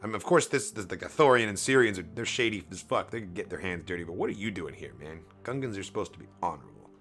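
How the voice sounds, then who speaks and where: An animated man riffs on the comic pages he is reading, his pitch swinging freely and his tone bright and forward. Faint music plays in the background. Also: fast. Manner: animated, swears casually, laughs often. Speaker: streamer reading comics aloud. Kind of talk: casual comic read-along commentary.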